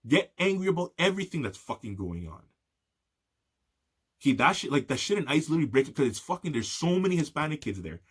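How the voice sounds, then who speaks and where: A man's voice: fairly high pitch, very animated, fast talker, husky. A young man hosting a solo talk show, ranting heatedly with lots of swearing and a repeated "okay". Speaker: podcast host.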